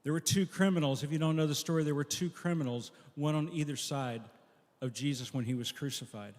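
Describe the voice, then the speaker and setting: A man preaching a memorial sermon, telling a story earnestly and dropping soft at key lines. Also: on the high side, fairly quick. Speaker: pastor at a memorial service. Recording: long echo of a large hall.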